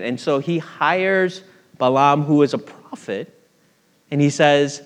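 Guy preaching a sermon, chatty storyteller, asks the room questions, average pitch, long echo like a big church. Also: measured pace. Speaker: pastor. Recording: long hall reverb.

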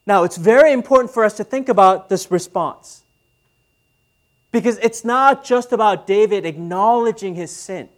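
Man in his thirties, pastor delivering a relaxed, chatty sermon with questions to the room. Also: sits high, normal speed. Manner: conversational, asks the audience questions.

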